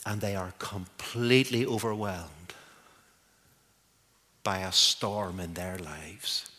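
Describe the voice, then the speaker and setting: A man's voice: sits low, slow, bright, forceful tone. A man preaching a sermon in an emphatic way, repeating words to stress them, heard in a reverberant church hall. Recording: long echoing hall reverb.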